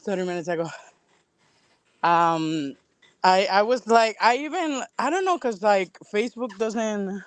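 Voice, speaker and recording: A woman guest on a livestream, out of breath from exercising, talking in halting, rambling bursts with many restarts. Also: medium pitch, lively intonation, no room sound. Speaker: call-in guest. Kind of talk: casual live-stream chat.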